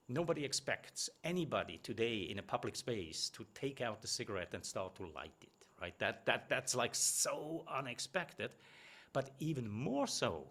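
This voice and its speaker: A middle-aged man with an ordinary male pitch and a somewhat bright tone offers feedback as a presentation coach in a relaxed, conversational way. He keeps checking in with tag questions, restarts phrases and emphasizes the key words.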